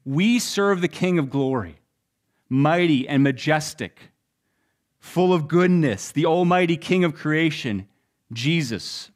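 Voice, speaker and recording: A young adult man preaching a sermon, telling the story with shifts between loud and hushed delivery. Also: a little high, lively intonation, slow pace. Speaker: pastor.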